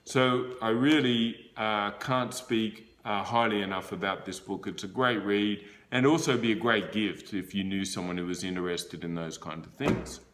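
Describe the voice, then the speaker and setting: A man's voice: fairly low pitch, steady tone, moderate pace, few pauses, fairly bright tone. A man giving a casual book review to camera, rambling with frequent fillers and restarts.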